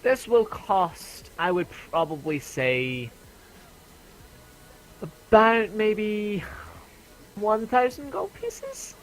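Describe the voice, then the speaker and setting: A man voicing a flamboyant woman magic shopkeeper who calls everyone darling in a drawn-out, sing-song way. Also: high-pitched, very animated, voice pushed up, full character voice, poor audio. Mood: theatrical.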